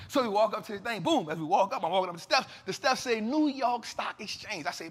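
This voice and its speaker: A man host telling a story dramatically to an audience, acting out the dialogue and swinging between loud and hushed. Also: very high voice, big pitch swings, fast talker, hardly any pauses, long reverb tail.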